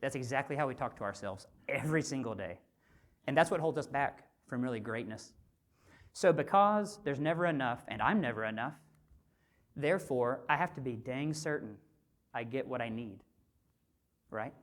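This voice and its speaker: A male physician giving a motivational conference talk, conversational and animated, often asking the audience rhetorical questions. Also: medium pitch, moderate pace, long pauses. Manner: animated storyteller. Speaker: physician and speaker at a health summit.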